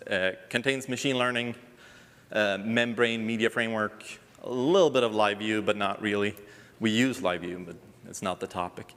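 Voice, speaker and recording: A man's voice: lowish voice, a bit bright, long reverb tail. A man from Sweden giving a technical talk at a conference, with dry, wry humor. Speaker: conference speaker. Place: large conference hall.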